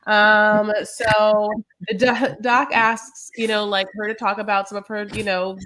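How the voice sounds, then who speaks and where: A woman co-hosting a casual recap podcast, rambling with lots of fillers and quick laughs. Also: medium pitch, little pitch movement, fairly bright tone. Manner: rambling, lots of "like" and "you know", laughs easily. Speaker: podcast co-host recapping a reality show. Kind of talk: casual chat.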